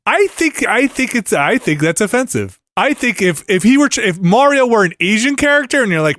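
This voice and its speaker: A man co-hosting a podcast in casual chat, talking in animated, wandering runs and laughing often. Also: high-pitched, fairly quick, few pauses, dry recording, clean studio sound. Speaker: podcast co-host.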